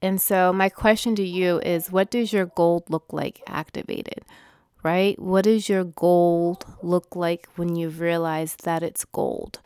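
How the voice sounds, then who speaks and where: A woman's voice: lowish voice, steady tone, slow, a little mellow, smooth, no room sound. A woman vlogging, talking through personal struggles in a heartfelt, rambling way with self-corrections. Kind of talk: emotional personal sharing.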